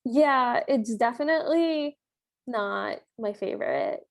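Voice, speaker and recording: A woman with a slightly high voice recaps a film on a podcast. She talks casually, stringing her thoughts together with plenty of filler words. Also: animated, slow, creaky. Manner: chatty, filler-heavy storytelling with frequent "like". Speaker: podcast co-host.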